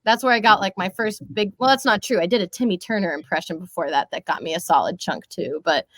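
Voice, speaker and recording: A woman in her twenties, a voice actress talking as a podcast guest, lively and laughing often, slipping into character voices. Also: lowish voice, fast, dry recording. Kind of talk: casual podcast interview.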